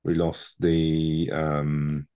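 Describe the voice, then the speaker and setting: A man's voice: extremely low pitch, completely flat delivery, very slow, mellow, smooth, dull audio. A man co-hosting a casual football podcast from home, chatty and rambling, often repeating his words. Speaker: podcast co-host.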